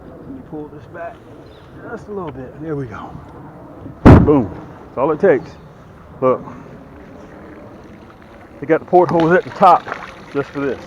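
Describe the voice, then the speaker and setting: A middle-aged man who sells boats demonstrates one outdoors by the water in a casual, folksy way, speaking straight to the camera as he works and getting a little winded from lifting. His fairly high voice is expressive, a bit slow, with frequent pauses. The recording is very noisy with the highs cut off.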